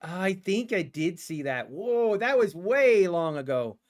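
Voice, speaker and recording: A man's voice: sits high, sing-song, slow. A man streaming his day trading live, chatting casually and talking to the market in a playful, sarcastic way, laughing often. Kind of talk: casual livestream commentary.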